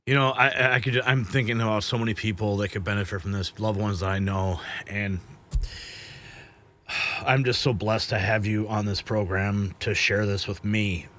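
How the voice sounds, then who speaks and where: A man hosting an interview, earnest and emotional, often pausing and restarting. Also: on the low side, steady tone, bright, forceful tone. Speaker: show host. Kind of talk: interview conversation.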